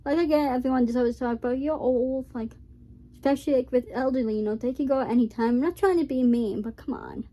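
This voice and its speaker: A woman's voice: high voice, fast talker, dark tone. A young woman hosting a reaction video, rambling in casual chat full of fillers.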